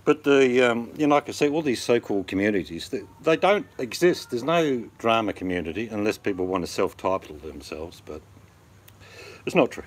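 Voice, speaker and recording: A middle-aged man with an Australian accent chats casually on a livestream. His voice sits a bit low. He rambles between topics with sardonic jokes and asides. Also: animated, normal speed. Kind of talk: casual chat.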